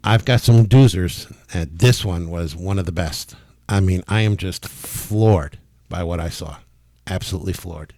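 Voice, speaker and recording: A man talking as a spiritual healer in a casual, emphatic monologue, excited and emotional enough to be near tears. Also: deep voice, a little slow, no echo, clean studio sound. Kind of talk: casual testimonial monologue to camera.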